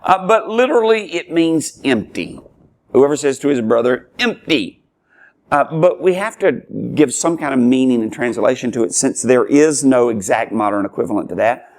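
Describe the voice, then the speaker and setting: Man preaching with lively rising emphasis. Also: mid-range voice, normal speed. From Tennessee, US. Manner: emphatic, rises and falls sharply when reading scripture aloud; speaks in short repeated phrases with fillers. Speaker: preacher teaching a Bible study. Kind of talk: sermon-style Bible teaching.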